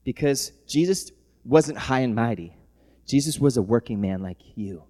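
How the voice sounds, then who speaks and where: A male pastor preaching a sermon who moves from soft, tender passages to loud shouting and laughs often. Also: medium pitch, expressive, normal speed. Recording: long hall reverb.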